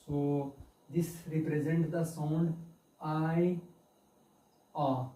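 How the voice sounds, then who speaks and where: A man teaching English pronunciation, who says each sound and example word again and again as a slow drill. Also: a little high, fairly even intonation, warm tone. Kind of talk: pronunciation lesson. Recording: echoey room, voice from far off the mic, faint hiss.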